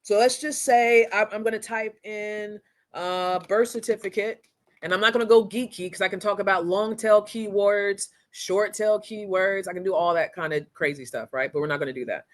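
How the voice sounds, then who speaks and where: A woman hosting a casual live-streamed training, talking straight to viewers in a chatty, energetic, slangy way through a computer mic. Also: medium pitch, normal speed. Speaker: course instructor and livestream host.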